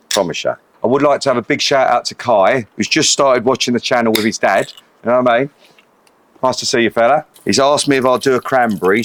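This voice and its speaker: A man's voice: fairly low pitch, a little hiss or hum. Chatty, sweary man at the grill. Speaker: cooking channel host. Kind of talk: casual cooking vlog chat. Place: outdoors at a grill.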